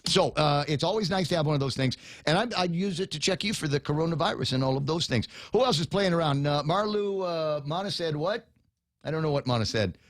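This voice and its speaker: A man's voice: a little high, animated, fairly quick, no echo. A man hosting a casual morning radio talk show, rambling and joking with lots of fillers and restarts.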